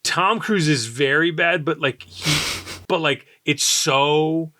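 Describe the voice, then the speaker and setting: Excitable guy gushing about movies, bright sharp voice, swears a lot. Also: on the high side, slow pace. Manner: animated, excitable, swears and mimics lines. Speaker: podcast co-host. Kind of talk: casual film podcast chat.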